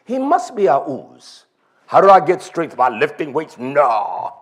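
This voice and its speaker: Male preacher, higher voice, slow emphatic delivery with big swings in pitch. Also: wildly swooping pitch. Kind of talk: sermon.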